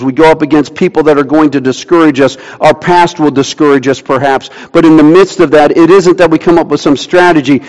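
An earnest male pastor preaches, his fairly high voice drawing out the scripture he quotes. The sound rings with the long reverb of a church hall. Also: a little mellow. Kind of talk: sermon.

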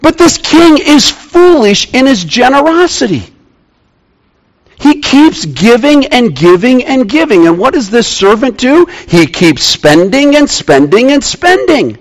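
A man preaching a sermon to his congregation, emphatic and repeating key phrases, sometimes dropping to a quiet, slow delivery. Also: very high-pitched, big pitch swings. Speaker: pastor. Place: church sanctuary with congregation.

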